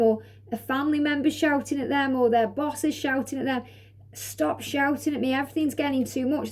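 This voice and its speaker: A woman with a high voice walks through an oracle card deck. She reads each card's message aloud, then unpacks it in a chatty, repetitive way. She leans on "you know" often. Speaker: tarot card reader.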